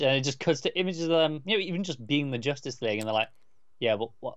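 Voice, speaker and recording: A man trades wry remarks in a relaxed, easygoing way and cuts in now and then to set the record straight. His mic sounds a little dull and lo-fi, but dry, with no room echo. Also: medium pitch, fast. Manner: relaxed, wry, chimes in with corrections. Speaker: podcast co-host. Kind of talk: casual chat.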